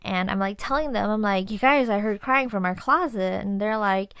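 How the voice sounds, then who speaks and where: A woman's voice: mid-range voice, moderate pace, creaky, clean tone, no echo. A young adult woman hosting a podcast, telling a personal story in a casual way and acting out what people said. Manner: animated retelling, acting out her own quotes. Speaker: podcast host.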